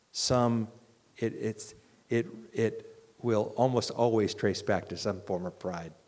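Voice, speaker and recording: Pastor guy preaching, earnest and chatty, lots of restarts, big reverby church hall. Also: fairly low pitch. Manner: earnest, conversational, many restarts, swings from loud urging to quiet. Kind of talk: sermon.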